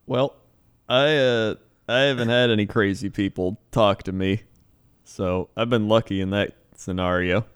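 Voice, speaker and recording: A man's voice: on the low side, fairly even intonation, measured pace, clear, resonant tone. A man in casual chat, listening and adding short, laid-back replies.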